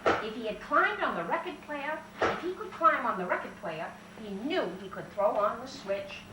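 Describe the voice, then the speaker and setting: A woman reading a picture book aloud to children in a library, lively and animated, coaxing the little ones along. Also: a little high, moderate pace, heavy background noise. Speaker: children's storyteller and French teacher. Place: library story-hour room. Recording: roomy 1970s library tape, mic far off.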